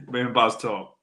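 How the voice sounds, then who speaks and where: A British man, a car technician, hosting a live stream, chatting casually with viewers by name while clearing a sore throat. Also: medium pitch, pushed and bright. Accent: British English. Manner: chatty, matey banter, greets viewers by name. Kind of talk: casual live-stream chat reading comments.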